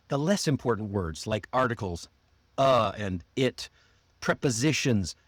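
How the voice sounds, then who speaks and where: A man with an American accent teaching an online English accent lesson, modeling phrases slowly and deliberately. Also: mid-range voice, no room sound. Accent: General American.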